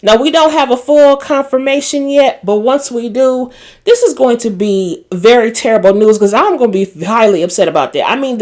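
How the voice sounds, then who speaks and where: Woman, fairly high voice, casual recap vlogger, chatty, opinionated, voices characters when retelling. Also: a little mellow. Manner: chatty and opinionated, exclaims "child"; voices quoted characters while retelling scenes.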